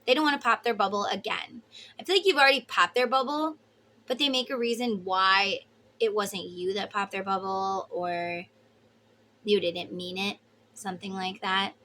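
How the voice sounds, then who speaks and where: A woman's voice: medium pitch, normal speed, bright, forceful tone, slight background noise. A woman giving a casual tarot reading to her viewers, emotive and chatty, with the odd swear word. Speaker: tarot reader.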